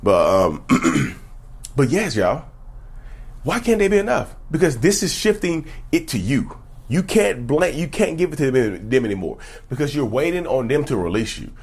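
A man's voice: medium pitch, very animated, normal speed, breathy edge. A man talking casually to camera as a self-help YouTuber, emphatic and preachy, firing off rhetorical questions. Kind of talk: casual direct-to-camera advice talk.

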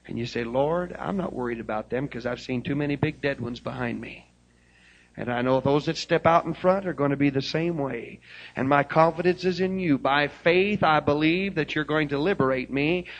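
A man preaching a fervent sermon, rising to loud hallelujahs. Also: mid-range voice, normal speed, poor audio. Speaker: pastor. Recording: old 1970s live sermon tape.

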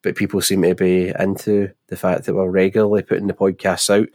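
A man's voice: sits low, flat delivery, fairly quick, darkish tone, no echo. A man with a Scottish accent and a nasal voice, co-hosting a football podcast in jokey, rambling casual chat. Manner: jokey, rambling, laughs often. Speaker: podcast co-host.

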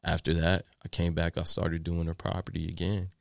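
Man, very low gravelly voice, casual storyteller, dry close sound. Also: moderate pace, dry recording. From Texas. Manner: animated, repeats words and fillers while telling a story. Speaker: guest, landscaping business owner.

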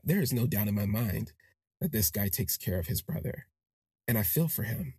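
A man hosting a podcast, telling a personal story in a casual monologue and acting out the people in it with big jumps in pitch. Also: normal speed, husky, dry recording, clean studio sound. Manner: animated, acts out quoted voices with big pitch jumps. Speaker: podcast host.

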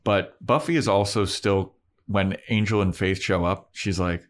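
A low-pitched man talks through the plot of an episode in an easygoing podcast chat. He slips in quick impressions of the characters as he recaps, then drops back into his relaxed storytelling voice. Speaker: podcast co-host.

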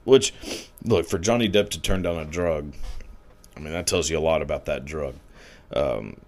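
A man's voice: very deep voice, moderate pace. A man delivering a crude, sarcastic comedic rant, swearing freely and leaning on "like" as filler.

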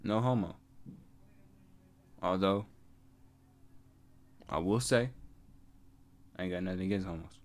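A man's voice: sits low, slow, long pauses. A young man hosting a solo podcast, telling stories in laid-back, slang-heavy casual chat and laughing often. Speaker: podcast host.

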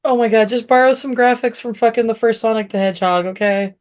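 A woman co-hosting a podcast, chiming in with excited, profane jokes during a movie discussion. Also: on the high side, quick pace. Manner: excitable, profane, jokey interjections. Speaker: podcast co-host. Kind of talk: casual movie chat.

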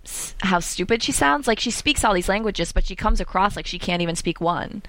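A woman co-hosting a podcast in casual chat, animated and steering the conversation. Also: medium pitch, brisk, no echo. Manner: animated, leads the topics, laughs often. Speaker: podcast co-host.

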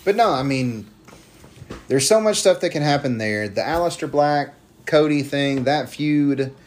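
A man co-hosting a casual podcast, rambling and swearing freely as he pitches ideas. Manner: profane, rambling, acts out promos in quick voices. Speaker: podcast co-host.

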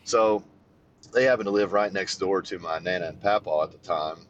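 Man, deep low voice, animated storyteller, cusses a lot, faint background hiss. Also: normal speed, highs cut off. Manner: animated, swears freely, voice jumps high when excited. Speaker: podcast co-host. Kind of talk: casual storytelling chat.

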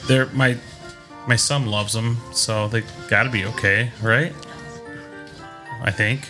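A man's voice: on the low side, steady tone, takes it slowly, over music. A man in his thirties chatting casually on a podcast, with wry jokes and asides. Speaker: podcast co-host. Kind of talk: casual chat.

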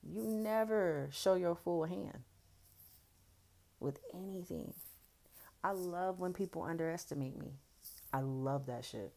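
Brash young woman host, casual storytelling, gravelly fry throughout. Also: fairly low pitch, slow, long pauses, a little mellow. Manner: blunt, profane and boastful. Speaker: podcast host.

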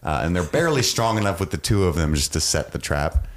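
A man's voice: low-pitched, sing-song, fast talker. A man co-hosting a podcast, recapping a TV episode in casual chat, joking and laughing often. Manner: jokey, acts out scenes in silly voices, laughs often. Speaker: podcast co-host.

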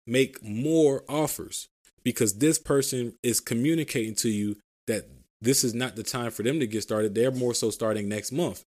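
A man's voice: medium pitch, darkish tone. A man hosting a podcast, casually explaining sales calls, often asking "right?" and acting out sample phone lines. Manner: conversational, says "right?" often. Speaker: podcast host giving sales advice. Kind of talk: casual solo podcast talk.

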